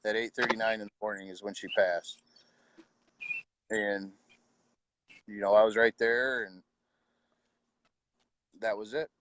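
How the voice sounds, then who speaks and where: Soft-spoken man, halting and heartfelt. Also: lowish voice, steady tone, slight background noise. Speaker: widower telling his story. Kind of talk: personal storytelling.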